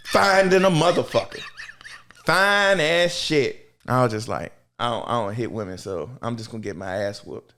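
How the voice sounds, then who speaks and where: A young man, a podcast host, telling a story in casual talk and jumping into high voices for the people he quotes. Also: moderate pace, bright, forceful tone.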